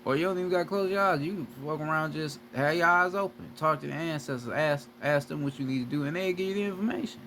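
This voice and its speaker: A man's voice: fairly high pitch, fast talker, hardly any pauses, a bit bright, slight background noise. Profane, preachy man lecturing viewers. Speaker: spiritual video creator.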